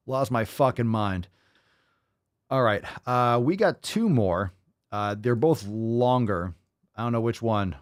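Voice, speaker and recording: Man, podcast host, low voice, sarcastic and profane, dry recording. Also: dry recording. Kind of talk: casual podcast reaction commentary.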